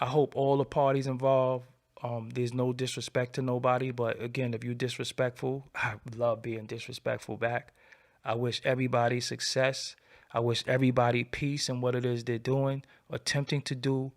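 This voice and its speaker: A man hosting his own channel, delivering a defiant, boastful solo rant that swings between a low murmur and loud outbursts. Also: vocal fry. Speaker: channel host. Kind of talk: late-night solo rant to camera.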